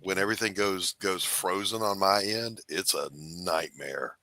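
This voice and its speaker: A man's voice: sits low, a little slow, pushed and bright, no room sound, rough recording. A man with a Southern American accent hosting a casual streamed chat show, joking and teasing his guests in wry banter. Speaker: podcast host.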